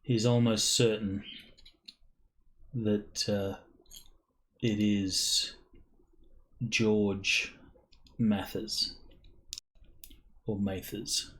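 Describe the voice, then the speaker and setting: A man running an online tabletop game as game master, speaking in a halting way with frequent fillers, over a computer mic on a voice call. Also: lowish voice, level tone, a bit bright, rough recording.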